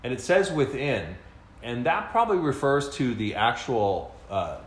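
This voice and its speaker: A man's mid-range, sing-song voice moves at a measured pace as he co-hosts a podcast, explaining casually and at length with frequent fillers and restarts. The room sounds echoey, with faint noise in the background.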